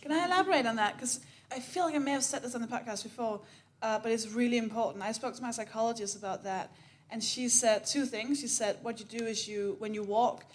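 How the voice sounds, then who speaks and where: A woman co-hosting a comedy podcast, chatting in an offhand, joking way. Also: a little high. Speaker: podcast co-host. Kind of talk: casual comic banter.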